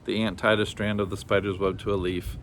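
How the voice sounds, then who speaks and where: A man's voice: fairly low pitch, flat delivery, brisk, slight background noise. A man reading a children's picture book aloud, narrating plainly between the characters' voices. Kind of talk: children's storybook read-aloud.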